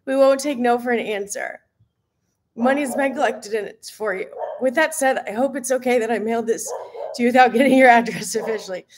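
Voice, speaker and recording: A woman's voice: fairly high pitch, a little fast, background noise. A woman fitness coach chatting live with her viewers, bubbly and giggly, gushing often. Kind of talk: live stream chat with viewers.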